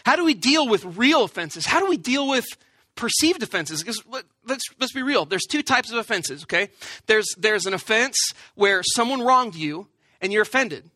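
High bright-voiced male preacher. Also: lively intonation, moderate pace, dry recording. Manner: self-deprecating, humorous storytelling. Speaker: pastor. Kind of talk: storytelling sermon.

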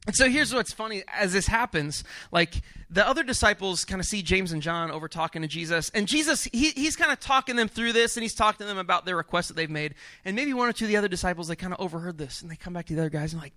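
Conversational male pastor, high and bright, with lots of restarts. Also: fast talker, dry recording. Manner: conversational and animated, with frequent restarts. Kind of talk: sermon.

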